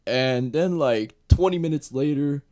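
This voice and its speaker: A young man telling a casual story time in a loose, profane way, full of fillers, growing louder as the story heats up. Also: a little high, a little slow. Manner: gets louder and more worked up as the story heats up. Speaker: vlogger.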